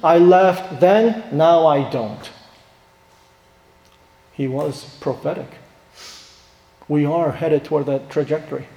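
A man preaching a sermon, asking rhetorical questions and stressing key points, then dropping to quiet asides. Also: a little high, slow pace, creaky, long pauses, dull audio. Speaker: pastor. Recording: echoey hall reverb.

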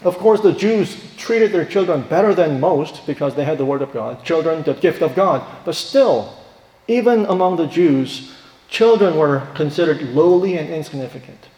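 A man's voice: a little high, expressive, normal speed, dark tone. A man preaching a sermon with emphasis and rhetorical questions. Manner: emphatic, rhetorical questions, acts out quoted voices. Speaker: pastor. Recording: roomy hall with long reverb.

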